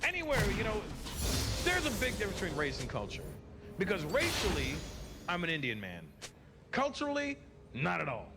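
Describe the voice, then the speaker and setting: A man from Canada doing a stand-up comedy set, profane and animated, acting out voices. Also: high-pitched, moderate pace, pauses often. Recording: stand-up audio under loud music.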